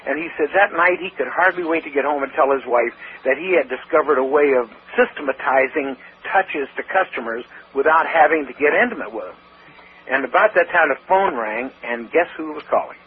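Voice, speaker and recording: A man's voice: a little high, fairly quick, slight background noise. Man talking down a tinny phone line. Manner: animated storyteller who acts out quoted speech. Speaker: guest. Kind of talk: phone-in storytelling. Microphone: telephone.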